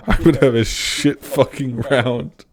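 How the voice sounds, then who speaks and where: A man's voice: medium pitch, animated, slow pace, a crowd in the background. A young man co-hosting a casual podcast, tipsy and joking, swearing and laughing often as he reviews albums. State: tipsy from drinking soju. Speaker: podcast co-host.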